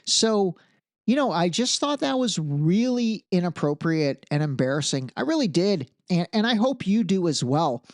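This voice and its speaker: A man hosting a podcast, giving casual solo commentary in an animated, emphatic way with frequent asides. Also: a little high, no echo, clean studio sound. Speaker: podcast host.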